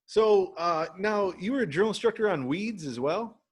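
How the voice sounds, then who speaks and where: A man's voice: sits high, animated, normal speed, husky. A man hosting a casual podcast interview, laughing along and asking short follow-up questions. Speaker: podcast host.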